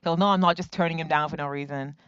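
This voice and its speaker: A woman's voice: low voice, quick pace, clean tone, dry recording. Woman, casual chat, acts out voices, dull recording. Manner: animated storytelling, acts out quoted voices. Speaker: guest, activist. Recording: dull, lo-fi sound.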